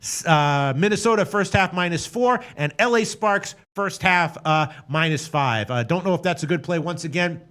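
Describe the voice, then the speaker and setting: Excitable, foul-mouthed male betting host with a high, sharp voice. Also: moderate pace, few pauses, smooth. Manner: excitable, profane, goes over his picks. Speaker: sports betting show host. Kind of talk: casual betting-show chat.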